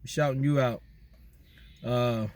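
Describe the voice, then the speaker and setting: Male vlogger, casual slangy shout-out chat, outdoors at night. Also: mid-range voice, slow pace. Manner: relaxed slangy banter with listeners. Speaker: vlogger doing viewer shout-outs.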